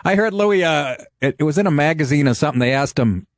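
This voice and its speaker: A man's voice: fairly high pitch, expressive, fast talker, no echo. A man hosting a call-in radio show, chatting loosely and cracking jokes with callers. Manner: loose and joking, laughs often. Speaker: host. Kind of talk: casual call-in radio chat.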